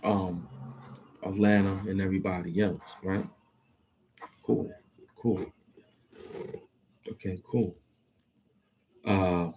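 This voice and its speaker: A man's voice: low-pitched, darkish tone, slight background noise. A man rambling to himself as he thinks aloud, often hesitating, repeating himself and restarting.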